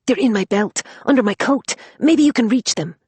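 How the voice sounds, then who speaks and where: A shrill, panicky young woman sidekick, as a woman narrator puts her on, her voice jumping high and loud with dramatic alarm. She sounds husky and close in a dry storybook recording. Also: expressive, moderate pace, dry recording. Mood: urgent. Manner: shrill, breathless, pleading.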